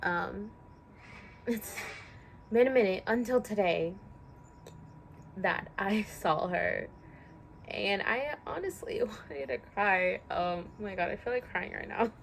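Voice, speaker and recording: A young woman talking to camera in a personal vlog, halting and full of fillers, close to tears. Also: mid-range voice, gravelly. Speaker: vlogger. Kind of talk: emotional personal vlog talk. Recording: faint background noise.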